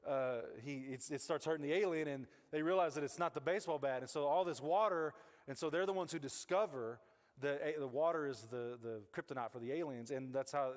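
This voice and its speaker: A man preaching a casual, rambling sermon as pastor, full of asides and restarts, on a wireless mic. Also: fairly high pitch. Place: church sanctuary. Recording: church hall reverb.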